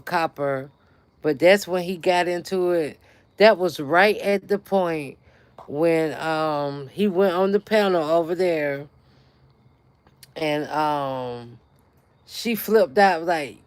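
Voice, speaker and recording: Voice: mid-range voice, clean tone, no room sound. A middle-aged speaker, ranting in casual livestream chat and telling a heated story full of swearing. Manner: profane, heated storytelling rant. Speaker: channel host.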